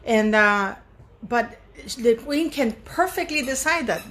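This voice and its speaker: A woman with a fairly high voice hosts her own online channel and talks straight to her viewers. She speaks with emphasis, leaning on key words and restating her points. A faint hiss of noise sits under the recording. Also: lively intonation, slow, a bit bright. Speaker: YouTube channel host. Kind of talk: casual commentary monologue.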